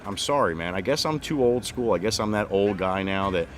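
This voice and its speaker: A man's voice: on the low side, lively intonation, brisk, slight background noise. A man hosting a livestream, talking politics in a casual, profane and heated way. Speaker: livestream host.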